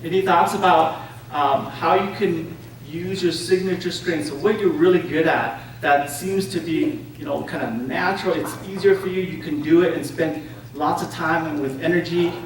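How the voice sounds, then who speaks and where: A man's voice: fairly high pitch, normal speed, few pauses. A man giving a conference talk to an audience, telling stories and often checking in with "right?" and "okay?". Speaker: conference speaker. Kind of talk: interactive lecture to an audience. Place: conference room. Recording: echoey room, distant mic, faint noise.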